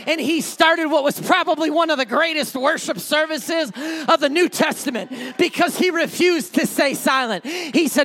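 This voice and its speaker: A man, a pastor, preaching a fervent sermon and often shouting. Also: very high-pitched, moderate pace.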